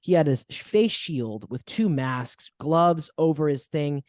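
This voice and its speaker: A man hosting a podcast, telling a story in an animated, heated way, with loud mocking outbursts and low asides. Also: slow pace, no room sound, clean studio sound. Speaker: podcast host.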